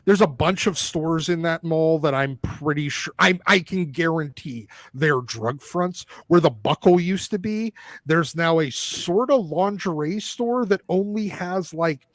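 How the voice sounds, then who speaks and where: A man's voice: on the high side, lively intonation, unhurried, no room sound. A man from the Pittsburgh area ranting emphatically in a casual live-stream chat, with profane asides. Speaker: show regular, commentator.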